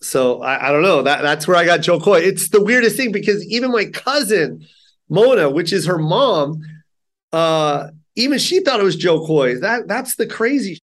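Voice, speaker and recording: A man's voice: high-pitched, moderate pace. A middle-aged man, a stand-up comedian, telling stories in a casual interview and acting out the people he quotes. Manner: animated, acts out quotes in character voices.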